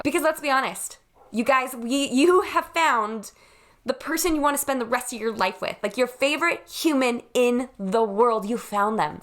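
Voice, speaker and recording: A woman's voice: fairly high pitch, normal speed. A woman in her thirties, a wedding planner, talking earnestly and reassuringly to camera from her home. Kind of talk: direct-to-camera vlog.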